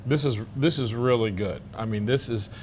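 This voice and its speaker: A man's voice: mid-range voice, normal speed, a little mellow, a little hiss or hum. A middle-aged man hosting a casual food-tasting chat in a restaurant, talking in a chatty, jokey way with many stammered restarts. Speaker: news show host.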